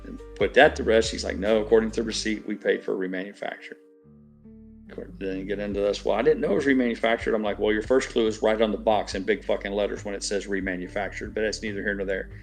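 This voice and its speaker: A middle-aged man with a fairly low voice rants through a long, aggrieved story, swearing freely in casual chat. Faint music plays behind him. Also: little pitch movement, fast, creaky. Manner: profane, ranting, aggrieved storytelling. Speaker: stream regular.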